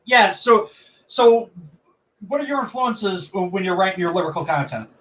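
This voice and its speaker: A podcast host asks questions in a halting way, with many fillers. His voice sits a bit high. He sounds set back from the mic. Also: animated, fairly bright tone. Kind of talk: casual interview. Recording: distant from the mic.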